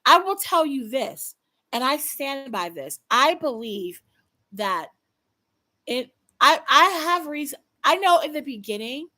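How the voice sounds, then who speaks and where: A young woman talks straight to her livestream audience in a loose, unscripted way. Her voice sits a little high, and she is blunt and swears freely. She often stops and restarts her sentences. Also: sing-song, a little slow, bright, forceful tone. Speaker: livestream host. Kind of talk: casual livestream chat.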